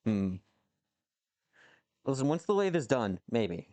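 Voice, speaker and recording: Man, live-stream chat, rambling, cusses, answers viewers, dry close mic, medium pitch. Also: very animated, takes it slowly, darkish tone, dry recording. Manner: rambling, swears, reacts to chat messages. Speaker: livestreamer answering chat while machining. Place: home workshop with a lathe.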